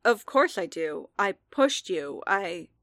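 A woman's voice: on the low side, very animated, slow pace, no room sound, studio quality, heavily acted. Woman reading as a subdued, ashamed armored warrior. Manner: soft, muted, apologetic. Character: guarded, ashamed male armored warrior, defensive. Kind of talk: audiobook fan fiction reading.

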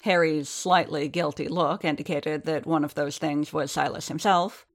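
A woman narrating a novel in an audiobook, reading in a measured, steady storytelling manner. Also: deep voice. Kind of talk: scripted narration.

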